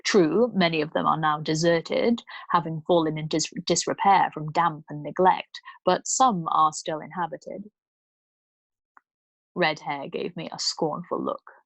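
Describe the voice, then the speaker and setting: A woman storyteller reading a novel aloud in a calm, measured way. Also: low-pitched, vocal fry, dry recording. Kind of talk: bedtime book reading.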